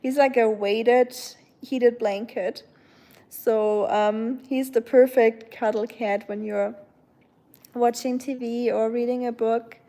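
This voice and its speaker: A woman rambles through a relaxed live-stream chat, padding her sentences with filler words. Her voice sits a little high. It has a warm, mellow tone. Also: slow. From Germany. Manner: rambling, many filler likes. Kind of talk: casual chat.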